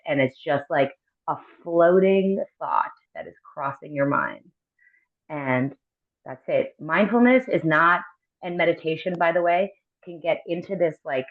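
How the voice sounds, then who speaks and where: A woman's voice: low voice, animated, measured pace. Woman coach on a tinny line. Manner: gentle, with frequent ums and tag questions. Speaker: mindfulness coach, guest. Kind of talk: explanatory interview talk.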